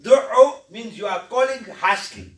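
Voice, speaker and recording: A middle-aged man teaching a religious study lesson, emphatic and excitable, switching between chanted recitation and explanation. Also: very high-pitched, unhurried. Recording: echoey room, mic at a distance.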